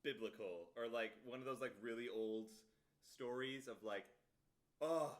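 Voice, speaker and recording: A man's voice: mid-range voice, a little slow. A man streaming live, reacting in a giggly, playful and self-mocking way.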